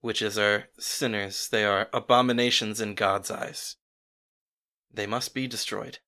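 A man's voice: fairly low pitch, steady tone, measured pace, bright, forceful tone. A man playing a cold, menacing witch hunter. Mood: zealous.

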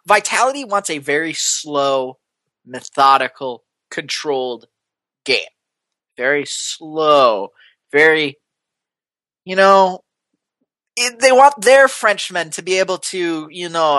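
Playful podcast co-host, bright and lively delivery, dry recording. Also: mid-range voice, unhurried, no room sound. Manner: playful, jokey. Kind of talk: casual esports betting chat.

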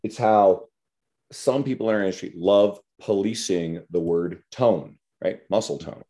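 A man with a low, warm, dark-toned voice holds forth on a podcast. He speaks bluntly, swears without a second thought, and leans hard into his argument. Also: measured pace. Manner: blunt, animated, swears freely. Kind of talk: casual podcast conversation.

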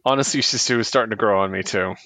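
A man's voice: fairly low pitch, fast talker, pushed and bright. A man co-hosting a podcast, casually recapping comic books, laughing often and acting out the characters' lines. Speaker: podcast co-host. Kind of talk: casual comic book discussion.

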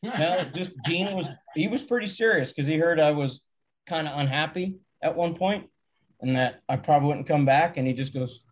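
Guy laughing thru road crew stories, voice a bit higher, acts out what people said. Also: moderate pace. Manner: laughing anecdotes, acts out quotes. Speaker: touring stagehand. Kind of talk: casual storytelling chat.

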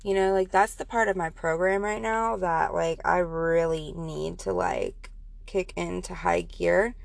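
A woman's voice: fairly low pitch, fairly even intonation, a little slow, vocal fry, no room sound. A woman casually telling a personal story, rambling with many fillers and restarts.

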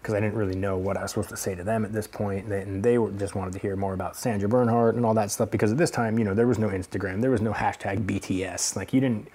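Man from the pacific northwest, fairly low voice, rambling casual storyteller, swears. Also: steady tone, fast talker, few pauses, mellow. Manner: rambling, many fillers and restarts, casual swearing. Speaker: hairstylist telling his story.

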